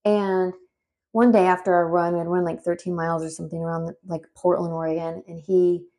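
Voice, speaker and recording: A woman in her thirties with a lowish voice tells a personal story at a brisk clip. She's chatty and animated, drifting into tangents and filling the gaps with plenty of fillers.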